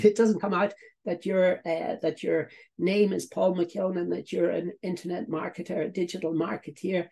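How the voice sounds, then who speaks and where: Irish male business coach, gravelly and husky, repeats himself and checks in with "okay?". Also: high voice, mellow. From Ireland. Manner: repetitive, tags points with "okay?" and "uh, there" fillers. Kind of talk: online training webinar.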